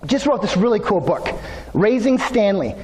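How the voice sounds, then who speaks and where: A man giving an energetic motivational keynote, telling stories and speaking straight to the audience. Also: high voice, moderate pace, crowd noise. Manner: energetic, storytelling, addresses audience directly.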